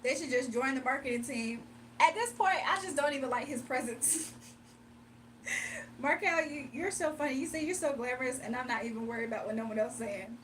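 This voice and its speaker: A woman's voice: high-pitched, a little fast. A woman hosting a casual livestream, chatting with viewers, laughing often and talking straight to the chat. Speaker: livestream host. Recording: a bit distant from the mic, faint hum.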